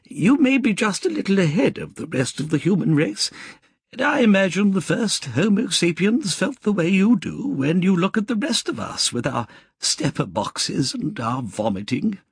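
A man's voice: sits high, very animated, normal speed, creaky, slightly rough, no echo, studio quality, voice pushed up, heavily acted. A man voicing a polite, refined nun with an English accent, raising his voice well above his own. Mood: gently teasing.

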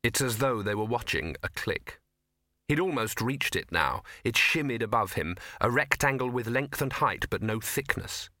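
A man reading a fantasy novel as audiobook narrator, with measured storytelling. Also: medium pitch, expressive, sharp tone, no room sound, clean studio sound. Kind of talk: scripted narration.

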